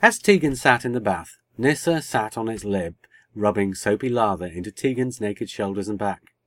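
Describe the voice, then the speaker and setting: A man reading a short story aloud as a podcast host, in a steady, measured way. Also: lowish voice, no echo. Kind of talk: scripted narration.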